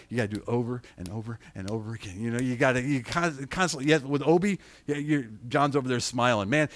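A middle-aged man preaching a sermon, animated, acting out quotes and asking his congregation questions. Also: on the high side, no echo. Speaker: pastor.

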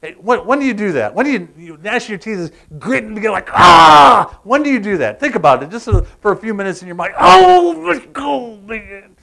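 A man preaching a sermon, animated, asking the congregation questions and acting out sounds. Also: sits high, quick pace, few pauses. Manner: animated, acts out groans and crowd sounds, asks the congregation questions. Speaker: pastor.

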